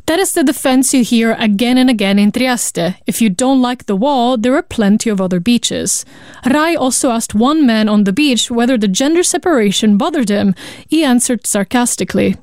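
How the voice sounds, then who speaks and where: A female reporter reading a scripted news report in a clear, even way. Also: a little high, normal speed, no room sound, studio quality.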